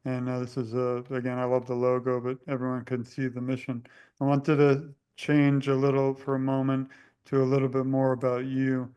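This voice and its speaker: A young man hosting a casual interview, rambling and halting with many fillers. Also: mid-range voice, completely flat delivery, dark tone, clean tone, muffled recording. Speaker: host.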